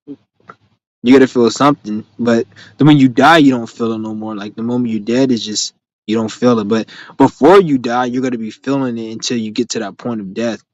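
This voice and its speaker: A man's voice: medium pitch, brisk, no echo, lo-fi sound. A man chatting casually on a live stream, answering viewers in rambling, profane street slang and telling stories with animation. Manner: animated storytelling.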